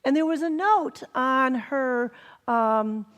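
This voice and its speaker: A woman reverend giving a sermon, telling stories gently and sometimes dropping to a whisper for emphasis. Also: high-pitched, slow, long reverb tail. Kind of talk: sermon storytelling. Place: spiritual center hall.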